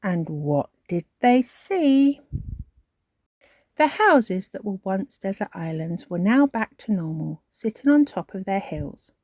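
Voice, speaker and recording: Woman reading a children's story slowly. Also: medium pitch, dry recording, studio quality. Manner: slow, expressive reading. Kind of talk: children's storybook read-aloud.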